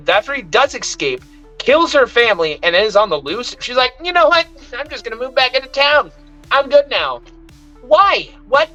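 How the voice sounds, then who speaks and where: A man vents heatedly in a casual movie review chat, his speech full of profanity and sudden animated outbursts. His voice sits a little high and rings bright. The audio is slightly dull and lo-fi, with faint music behind it. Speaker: podcast co-host.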